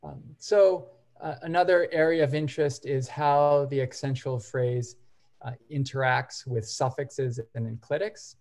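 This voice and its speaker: A man gives an academic seminar lecture in a mid-range voice. He explains methodically, point by point, and sometimes pauses on brief hesitation fillers. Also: mid-range voice, steady tone, darkish tone. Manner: methodical, explains step by step while walking through examples. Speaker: seminar presenter.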